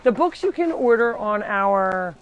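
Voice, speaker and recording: A woman's voice: medium pitch, lively intonation, unhurried, muffled recording. A woman hosting a live farm sanctuary tour, chatting to viewers and calling to the animals as she walks around the farm. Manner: chatty, talks to the animals while touring. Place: farm, walking between buildings.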